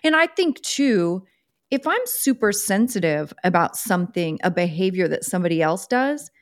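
A woman's voice: medium pitch, sing-song, normal speed, dry recording, clean studio sound. A woman co-hosting a casual podcast, earnest and reflective as she adds her view. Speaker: podcast co-host. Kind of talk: casual conversation.

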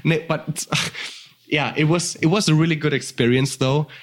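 Slightly tipsy, a podcast guest with a German accent swears and laughs his way through casual, animated stories. His voice is fairly high and his pace normal.

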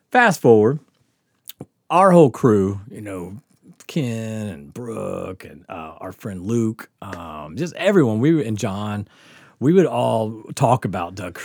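Middle-aged man, podcast host, swings up and down in pitch, profane and laughing, dry close mic. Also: a little mellow, no echo. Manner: rowdy, profane, laughs through his stories. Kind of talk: casual storytelling.

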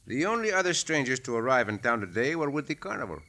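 An actor playing a calm, courteous Mexican caballero hero in an old radio drama. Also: male voice, medium pitch, fast.

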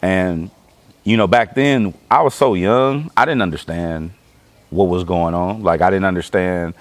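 Guest spot: low-pitched man, casual storyteller, swears freely, plays out his reactions, dry close sound. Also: measured pace, no echo. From Los Angeles, California. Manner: animated, profane, acts out his own reactions. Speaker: interview guest.

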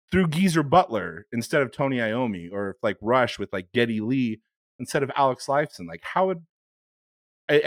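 A man's voice: medium pitch, no echo. A man co-hosting an improv comedy podcast, rambling earnestly between teasing bursts. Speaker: podcast co-host. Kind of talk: casual improv podcast chat.

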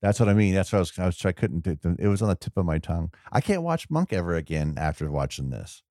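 A man co-hosting a podcast chats casually about a movie in a deep, dark-toned voice with lively intonation, talking fast. He rambles, restarts mid-thought, and laughs often, and the clean studio recording has no room sound.

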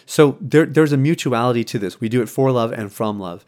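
A married man hosting a podcast, talking earnestly in a casual, reflective monologue, often restarting his sentences and filling pauses with ums. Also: mid-range voice, a little mellow. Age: adult, married. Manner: earnest, conversational, many restarts and fillers. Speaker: podcast host.

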